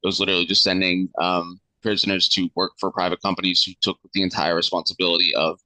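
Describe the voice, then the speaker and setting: A man's voice: low-pitched, little pitch movement, fast talker, sharp tone, no room sound, rough recording. A male podcast guest explaining history in a hesitant way, with many fillers. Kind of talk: casual podcast chat.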